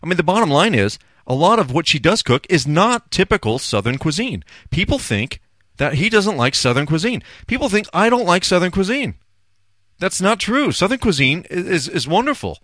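A man's voice: high-pitched, very animated, normal speed, fairly bright tone, dry recording, clean studio sound. A man hosting a podcast, ranting bluntly and sarcastically with plenty of swearing, then explaining a recipe. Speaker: podcast host. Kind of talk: casual ranting commentary.

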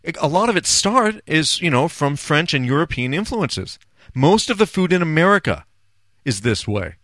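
A man's voice: a little high, sing-song, normal speed, a bit bright, dry recording, clean studio sound. Blunt profane man ranting. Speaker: podcast host. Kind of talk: casual ranting commentary.

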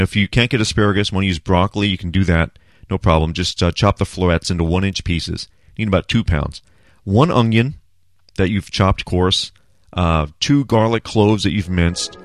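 A man's voice: lowish voice, no room sound, studio quality. A man hosting a home cooking show, talking casually and bluntly to the camera with some swearing. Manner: blunt, profane, energetic. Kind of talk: casual talk to camera, recipe instructions.

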